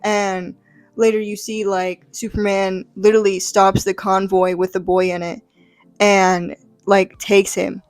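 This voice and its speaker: A woman's voice: medium pitch, flat delivery, a little slow, dry recording. Rambling woman chatting about comics. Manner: rambling, full of "like" and "um". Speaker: comic book reviewer. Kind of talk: casual chat.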